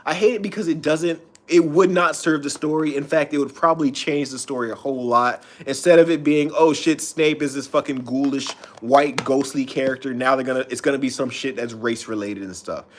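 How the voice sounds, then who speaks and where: A man's voice: on the high side, a little fast, hardly any pauses. A man streaming, ranting in a loose, profane way with frequent restarts. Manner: profane, rambling, restarts often. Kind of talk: casual rant.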